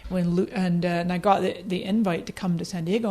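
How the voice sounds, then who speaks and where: A middle-aged Scottish woman talks as a podcast guest in a mid-range voice. She tells her stories with animation, often laughing. She jumps up in pitch when she acts out what she said back then. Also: normal speed, hardly any pauses. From Scotland. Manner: animated, laughing often, acting out her own past lines in a higher voice. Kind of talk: casual storytelling interview.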